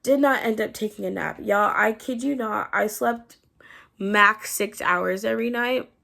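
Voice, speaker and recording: A woman's voice: medium pitch, a little slow, creaky, sharp tone. A woman in her twenties giving a casual, candid story-time recap as a vlogger, her throat sore and strained. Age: 20s. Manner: chatty and candid, trailing into tired asides.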